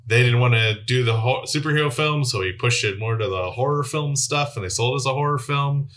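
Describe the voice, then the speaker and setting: A man's voice: medium pitch, a little fast, fairly bright tone, slight background noise. A man reviewing films on a podcast, thinking aloud in a musing way with many fillers. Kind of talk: casual chat.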